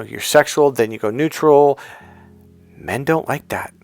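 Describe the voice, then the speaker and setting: A man's voice: on the high side, animated, moderate pace, no room sound, soft background music. A man talking as a dating coach, casual and direct, acting out quoted women in a raised voice. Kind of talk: casual direct-to-camera talk.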